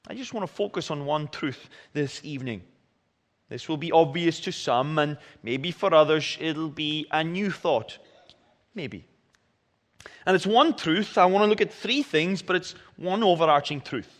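A man preaching a sermon and reading scripture, earnest and deliberate, moving between emphatic and hushed. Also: on the high side, animated, long reverb tail.

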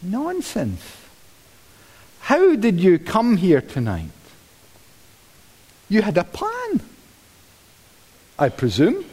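A male preacher giving a sermon in a lively, conversational way, with dry humour and repeated words, in a church hall. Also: sits high, takes it slowly, long pauses, husky.

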